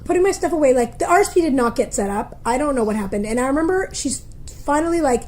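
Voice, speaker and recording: A woman, a motivational speaker, telling a story in a casual interview, lively and acting out the voices of others. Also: high-pitched, fast. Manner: animated, acts out quoted voices.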